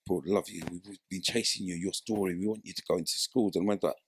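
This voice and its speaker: Talking fast in a low voice with a breathy edge, the former footballer recounts his story as an interview guest, animatedly voicing the people in it. It's a dry, studio-quality recording of a casual interview.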